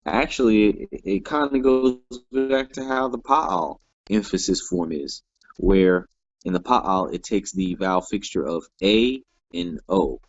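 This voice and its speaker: A man with a very low voice teaches a grammar lesson at an unhurried, deliberate pace. He explains each form patiently and checks in with the class as he goes. The recording is dry and somewhat dull, lacking clarity. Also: darkish tone, dry recording. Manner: patient, explains step by step, many "all right" fillers. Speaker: Hebrew teacher.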